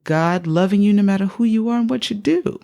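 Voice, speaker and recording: A woman in her fifties, a psychotherapist being interviewed, telling a personal story in a lively way and acting out the voices she quotes. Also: fairly quick, gravelly. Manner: animated, acts out quoted speech with big pitch jumps. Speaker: psychotherapist guest.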